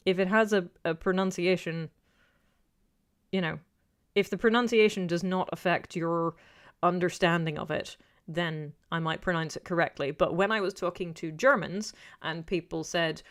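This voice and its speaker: A woman's voice: fairly low pitch, steady tone, normal speed. A woman chatting casually on a livestream, reading chat and rambling off on tangents in a self-deprecating way. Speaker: YouTuber reading live chat.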